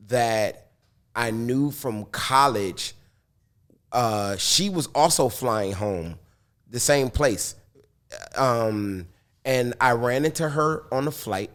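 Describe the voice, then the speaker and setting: A man chatting as a guest on an interview show, laid-back and joking, often laughing. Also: mid-range voice. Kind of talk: casual interview chat.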